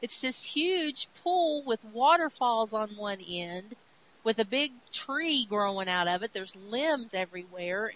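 A woman co-hosting a podcast, casually recapping a comic book and acting out its characters' lines. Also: mid-range voice. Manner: animated retelling with acted-out quotes. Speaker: podcast co-host. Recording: dull lo-fi audio with faint hiss.

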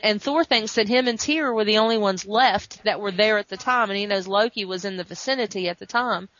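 A woman's voice: mid-range voice, brisk, dry recording. Woman animatedly retelling a comic. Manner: animated retelling, acts out quotes. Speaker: podcast host. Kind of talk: casual chat recapping a comic. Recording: muffled dry recording.

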